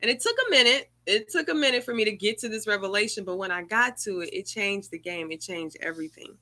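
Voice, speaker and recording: A woman's voice: medium pitch, quick pace, pushed and bright. A woman hosting an online circle, telling a personal story in an earnest, conversational way over a video call. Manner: earnest, conversational, rising emotion. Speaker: circle host.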